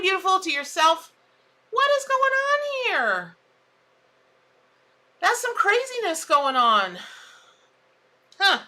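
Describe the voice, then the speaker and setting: A woman, a tarot reader chatting casually on a live stream, exclamatory and quick to laugh at her own jokes. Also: high-pitched, pushed and bright.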